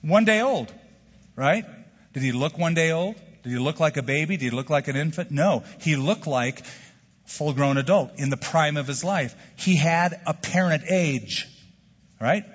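A man preaching a sermon as a pastor, animated and asking the congregation rhetorical questions. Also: a little high, moderate pace, breathy edge. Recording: dull sound with long hall reverb.

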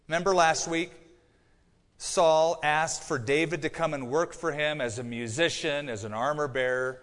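A middle-aged man preaching a sermon as pastor, telling a personal story earnestly and moving between quiet, confiding lines and emphatic ones. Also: fairly high pitch, steady tone, moderate pace. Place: church sanctuary. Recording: long church hall reverb.

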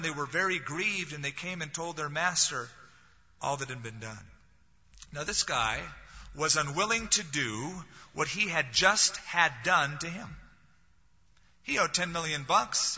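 A man delivers a sermon in a bright, cutting, somewhat husky voice that sits a little high. He talks conversationally and drops in wry jokes. The recording is dull and lo-fi, with a long reverb tail as if in a large hall. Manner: conversational, with wry humorous asides. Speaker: pastor.

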